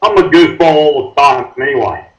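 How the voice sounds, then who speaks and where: A man's voice: on the high side, normal speed. A man in his sixties with an Australian accent, chatting casually as a guest over a phone call, easygoing and rambling. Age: 60s. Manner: easygoing, rambling, says mate. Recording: roomy, dull call audio.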